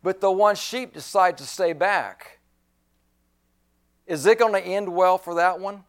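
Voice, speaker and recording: Slow, high-voiced preaching man. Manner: slow, emphatic preaching with repeated phrases; clears throat at times. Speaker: pastor. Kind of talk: sermon.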